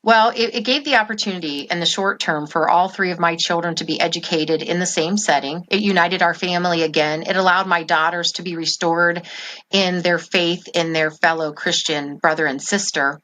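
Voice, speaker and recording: A woman's voice: on the low side, steady tone, normal speed, sharp tone. A middle-aged woman telling her story as an interview guest, earnest and heartfelt, with frequent ums. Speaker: guest, parent advocate.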